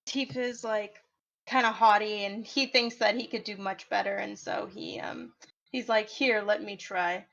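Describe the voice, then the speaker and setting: A woman's voice: mid-range voice, steady tone, measured pace, vocal fry, fairly bright tone, dull audio. A woman playing a tabletop game, describing her character's actions matter-of-factly. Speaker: player. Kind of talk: tabletop play.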